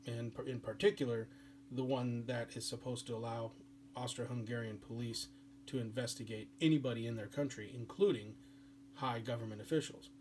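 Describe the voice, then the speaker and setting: A male history teacher delivers a classroom lecture in a relaxed, chatty way, full of fillers and restarts. His voice sits at a middle pitch. A faint hum runs underneath. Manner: casual, chatty, filler-heavy.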